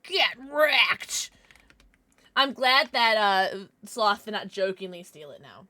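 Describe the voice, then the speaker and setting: A young woman streaming live, chatting casually with her chat, thanking viewers and squealing with excitement. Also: medium pitch, takes it slowly, a little hiss or hum.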